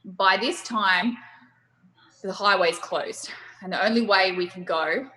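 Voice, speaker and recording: A young woman, telling a lively, laughing anecdote over a video call. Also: mid-range voice, a little slow, rough recording. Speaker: storyteller guest on a video call.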